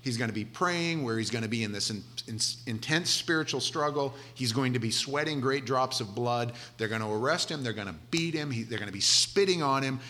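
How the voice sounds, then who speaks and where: A man preaching a conversational sermon, retelling scripture with animated asides and voiced characters. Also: mid-range voice, brisk, few pauses.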